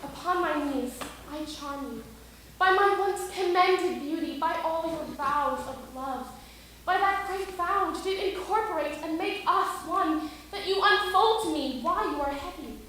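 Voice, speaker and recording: A woman's voice: extremely high pitch, a little slow, a bit bright, a little hiss or hum. A woman playing Portia, a devoted Roman wife pleading with her husband in an amateur stage production. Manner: pleading, insistent verse delivery. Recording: echoey room.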